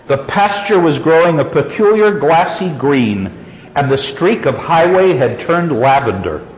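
A man lecturing, reading a story aloud with slow, expressive delivery and stopping to comment on it. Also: on the high side. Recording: lo-fi echoey hall.

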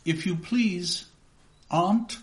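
A man's voice: high voice, extremely slow, voice pushed up. A man voicing a ragged, unhappy runaway boy who pleads politely and hesitantly. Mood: timid.

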